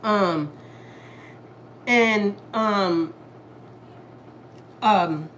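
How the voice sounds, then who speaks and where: A woman's voice: mid-range voice, very slow, a bit bright, slight background noise. A young woman from Houston, Texas, talking candidly to viewers about her family. She swears freely and acts out what people said to her. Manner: profane, candid, quotes people in dialogue. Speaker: family vlogger. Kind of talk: casual storytelling to viewers. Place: home kitchen.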